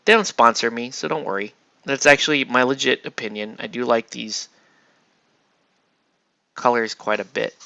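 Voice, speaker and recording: Bright-voiced rambling man painting. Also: medium pitch, normal speed, gravelly, long pauses, no echo, lo-fi sound. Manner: rambling, trails off and restarts, mild swearing. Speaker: miniature painting host. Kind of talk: casual chat while painting.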